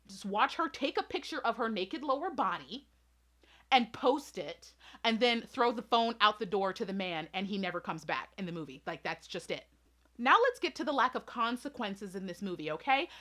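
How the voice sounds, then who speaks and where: A woman's voice: fairly high pitch, a bit bright. A woman reviewing a movie in an indignant, emphatic way, firing rhetorical questions and talking straight to her audience.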